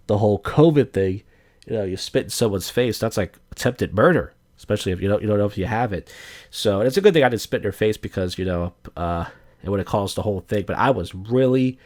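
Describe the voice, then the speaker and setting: A man's voice: on the low side, darkish tone. Crude rambling man in his thirties. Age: 30s. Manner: crude, profane, digressive with many fillers. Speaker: podcast host. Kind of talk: casual rambling monologue.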